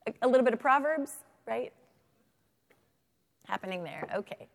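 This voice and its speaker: A woman giving a lively workshop to teachers, reading picture books aloud and checking in often with her audience. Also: on the high side, normal speed, creaky, pauses often, long reverb tail. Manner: animated, chatty, checks in with "right?". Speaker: literacy workshop presenter for teachers.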